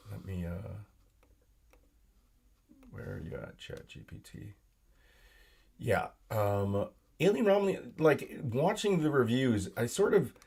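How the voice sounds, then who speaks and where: A tired podcast host, his voice sore from yelling at work, runs a solo live stream from a home desk with a laptop and monitor. His medium-pitched male voice has vocal fry and a darkish tone. He rambles with lots of fillers, talking to himself as he clicks around the computer.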